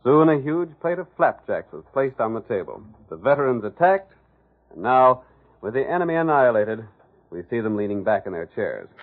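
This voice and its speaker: A man narrates a 1930s radio western, stately and dramatic, his pitch rising and falling widely. His voice is slightly husky and comes through a narrow, lo-fi old broadcast. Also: very animated, normal speed. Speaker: announcer.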